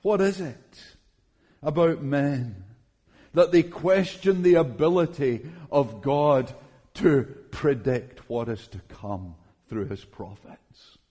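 A man preaching a sermon in church, slow and earnest, calling his listeners friends. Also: mid-range voice, lively intonation, mellow.

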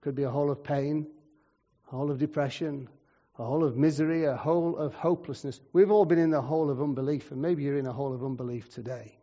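A man preaching a sermon, telling stories in a conversational way and moving between loud and quiet. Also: on the high side, steady tone, fast talker. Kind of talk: sermon with storytelling. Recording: muffled, long hall reverb.

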